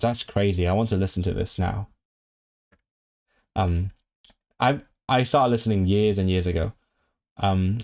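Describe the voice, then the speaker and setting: A man hosting a casual language-learning livestream. He rambles and restarts often, reads viewers' chat messages aloud, and talks eagerly about languages. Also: lowish voice. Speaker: language streamer.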